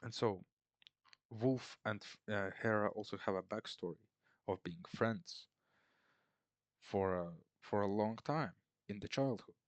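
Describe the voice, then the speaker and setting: A man's voice: lowish voice, measured pace, pauses often, no echo. A man casually recapping a film in a rambling, sarcastic way, mocking the characters. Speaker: film reviewer.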